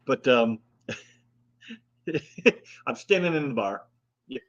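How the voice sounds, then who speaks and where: A man's voice: mid-range voice, takes it slowly. A middle-aged man hosting a casual chat, telling stories with lots of laughter and mimicking other people's voices. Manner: animated storyteller, mimics voices. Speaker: host. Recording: dull lo-fi audio.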